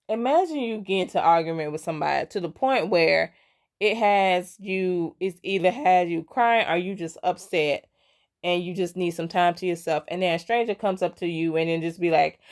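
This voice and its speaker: A young woman casually recapping a story game, rambling with lots of fillers and restarts, and often laughing in amusement. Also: fairly low pitch. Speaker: gaming content creator.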